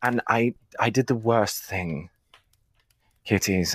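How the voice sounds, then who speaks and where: A man's voice: on the low side, lively intonation, slow, creaky, a bit bright, no echo. A man playing an eccentric male dragonborn sorcerer in a tabletop game, talking in a chatty, genteel manner. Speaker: player voicing a dragonborn sorcerer. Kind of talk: tabletop role-play in character.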